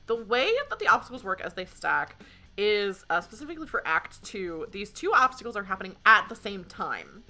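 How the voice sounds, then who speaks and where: A woman's voice: medium pitch, bright, forceful tone. A woman casually explaining tabletop game rules to fellow players, rambling and laughing often. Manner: rambling with fillers, frequent laughter. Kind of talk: casual tabletop play chat.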